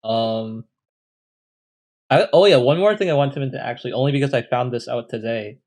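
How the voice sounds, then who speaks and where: A man's voice: medium pitch, normal speed, a little mellow. Young man rambling in casual chat. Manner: rambling, explains at length with many fillers. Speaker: podcast co-host.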